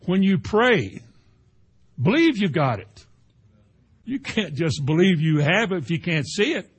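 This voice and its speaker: Male pastor, husky, slightly high, conversational sermon, shifts from emphatic to hushed. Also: big pitch swings, unhurried, long pauses. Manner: conversational preaching, swings between emphatic and hushed.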